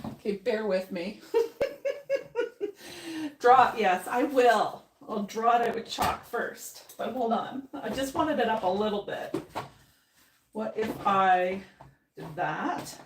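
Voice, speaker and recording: A woman's voice: mid-range voice, slow, pauses often, reverberant, noisy background. A woman hosting a live paint-along. She chats with her viewers, thinks aloud and laughs often while she works. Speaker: painting host.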